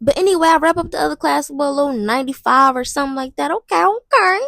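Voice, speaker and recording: A woman's voice: high voice, fast talker, vocal fry, fairly bright tone, dry recording. A young woman telling a dramatic, slangy storytime vlog. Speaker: vlogger. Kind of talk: casual storytime monologue.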